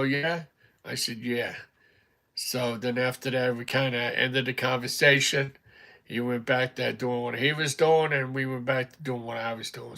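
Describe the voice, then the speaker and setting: A middle-aged man chats casually on a livestream. His voice has a gravelly edge and a bright, forceful tone. He rambles from one story to the next in a loose, talkative way. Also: medium pitch. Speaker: livestream host.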